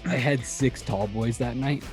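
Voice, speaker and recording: A man co-hosting a casual podcast, cracking quick jokes and laughing easily. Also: mid-range voice, over music. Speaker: podcast co-host. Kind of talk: casual chat.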